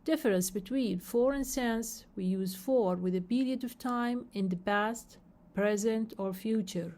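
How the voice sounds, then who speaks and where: A woman's voice: medium pitch, measured pace, a little mellow. A woman teaching English grammar, spelling out word endings letter by letter and repeating key phrases, with some non-native phrasing. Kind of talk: slow explanation of grammar rules.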